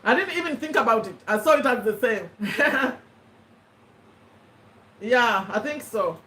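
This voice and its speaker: A high-pitched woman hosts a casual live-stream quiz, reading out viewers' names and ruling on their answers. Her voice sits away from the mic. It carries a roomy echo. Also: expressive, measured pace, a bit bright, distant mic. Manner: chatty, reads out viewer names and answers, checks and rules on them. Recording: echoey room, voice away from the mic.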